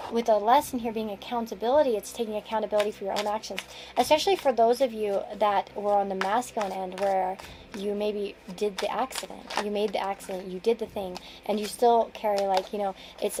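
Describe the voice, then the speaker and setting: A woman's voice: mid-range voice, background noise. Rambling woman giving a tarot reading. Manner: rambling, restarts sentences, chuckles between thoughts. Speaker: tarot card reader. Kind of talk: casual tarot reading to camera.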